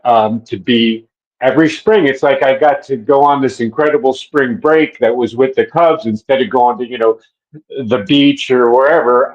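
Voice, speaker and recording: Stadium announcer, man, 50s, unhurried storyteller, mid pitch, dull audio. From Minneapolis, USA. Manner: laughs softly, relaxed storytelling with fillers. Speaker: public address announcer. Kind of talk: casual interview reminiscing.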